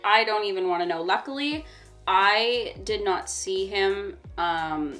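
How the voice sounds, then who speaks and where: A woman's voice: mid-range voice, measured pace, fairly bright tone, soft background music. A young woman co-hosting a casual storytime vlog, talking in a chatty, emphatic way and laughing often. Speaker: vlog co-host.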